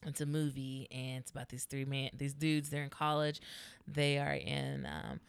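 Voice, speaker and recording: A speaker in casual chat, telling an animated, joking story and laughing often. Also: medium pitch, vocal fry, clean tone, no echo. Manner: animated, laughs a lot, quick jokes.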